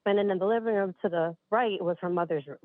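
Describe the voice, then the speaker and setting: Talking fast in a mid-range voice, a late-twenties caller from upstate New York spins a spooky story, chatty and somewhat out of breath. She addresses listeners as "you guys," heard through a dry, tinny phone connection without echo.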